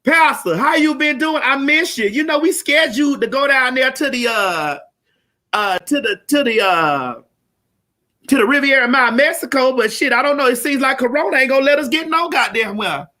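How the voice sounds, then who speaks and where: Woman host, brash, profane, high bright voice, live stream over a video call. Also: lively intonation, moderate pace. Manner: loud, brash, cussing, hyping the audience. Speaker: show host.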